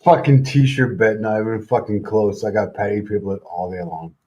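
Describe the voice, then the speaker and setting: A man's voice: on the low side, steady tone, normal speed, warm tone. A man trash-talking as a panelist on a fight prediction show, brash and cocky, swearing constantly. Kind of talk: casual chat, trash talk.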